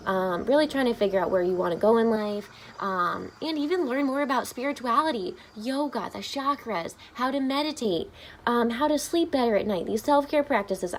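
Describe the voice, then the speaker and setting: A woman's voice: fairly high pitch, animated, a little fast, a little hiss or hum. Upbeat woman therapist. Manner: upbeat, frequent "um" fillers. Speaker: family therapist. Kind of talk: informational talk to camera.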